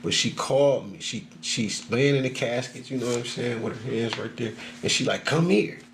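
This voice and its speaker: A man's voice: mid-range voice, normal speed. Man storyteller, loose and profane, rambles and laughs, faint hiss behind. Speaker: social media storyteller. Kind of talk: casual storytelling.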